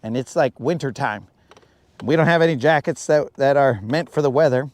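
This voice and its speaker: A man hosting a fishing livestream, telling a long rambling story and acting out quotes in a higher voice. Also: normal speed, no echo. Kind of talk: casual storytelling while fishing. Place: out on a lake, on a boat.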